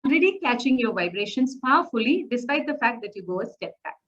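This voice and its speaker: A woman's voice: a little high, very animated, quick pace, a bit bright. A woman giving an online lecture on public speaking. She often says "uh" and checks in with "okay?". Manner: frequent "uh" fillers and "okay?" checks with listeners. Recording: muffled lo-fi recording.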